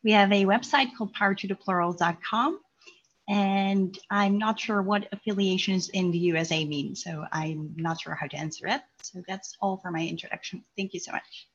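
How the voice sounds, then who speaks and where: A woman's voice: medium pitch, moderate pace, breathy edge. A woman introducing herself as a panelist, in a friendly, polite way. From Netherlands. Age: 30s. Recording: dull lo-fi sound.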